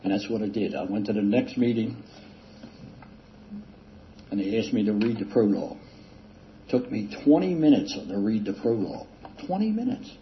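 An older man casually telling a self-deprecating recovery story, rambling with halting restarts and chuckles. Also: lowish voice. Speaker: speaker sharing a recovery story. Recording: dull lo-fi recording with faint hiss.

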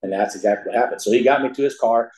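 A man's voice: mid-range voice, very fast, darkish tone. A middle-aged man from the Ozark Mountains telling his recovery story to a group, joking and laughing at his own lines. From Ozark Mountains, USA. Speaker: speaker at a recovery meeting. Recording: echoey meeting room.

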